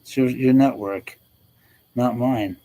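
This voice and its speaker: A middle-aged man hosts a casual livestream and chats loosely with his viewers. His voice sits at an ordinary middle pitch. He laughs easily and swears freely as he talks. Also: steady tone, takes it slowly, warm tone, rough recording. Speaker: livestream host. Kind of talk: casual livestream chat reading comments.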